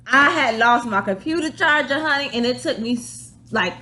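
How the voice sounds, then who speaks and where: A chatty young woman hosts her own casual vlog. She tells her stories in an animated way, with high, squealing quoted reactions. Her voice sits a little high and sounds bright and forceful, picked up on a basic phone or webcam mic. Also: normal speed, slight background noise. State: out of breath. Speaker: vlog host. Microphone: phone or webcam, before her new microphone works.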